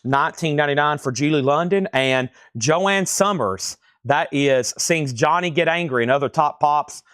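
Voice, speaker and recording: A man's voice: a little high, a bit bright, clean tone, dry recording, studio quality. A man hosting a live online record sale, rattling off titles and prices. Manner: brisk price-calling, chatty asides. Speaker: live-stream record seller. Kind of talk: live auction patter.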